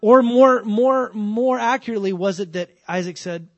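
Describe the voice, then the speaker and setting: A man preaching a sermon. He talks in an animated way and acts out the scripture scenes with quick shifts of voice. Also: sits high, no room sound, dull audio. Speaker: pastor.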